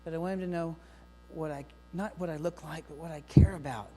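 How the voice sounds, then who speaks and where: A middle-aged man giving a lively, joking keynote talk to teachers, speaking straight to the audience. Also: fairly high pitch, fairly quick. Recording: long hall reverb with faint mains hum.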